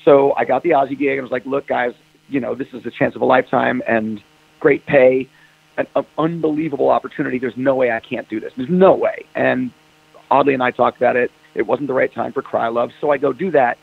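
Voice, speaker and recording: A man's voice: medium pitch, fairly even intonation, brisk, creaky, breathy edge, dry recording. A man, a rock singer, telling stories in a casual interview and acting out phone calls in quoted voices. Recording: dry tinny phone line.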